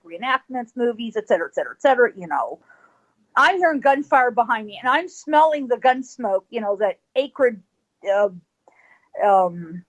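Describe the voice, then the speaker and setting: Animated high-voiced woman telling a story. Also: low-quality recording. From California. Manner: animated storyteller, acts out quoted voices, laughs often. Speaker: psychic guest. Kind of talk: storytelling on a radio call-in show.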